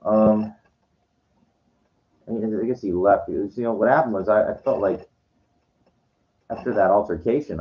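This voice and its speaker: Low-voiced man rambling through a story. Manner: rambling, halting, profane retelling. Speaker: vlogger. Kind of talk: casual storytelling to camera. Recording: dull lo-fi recording.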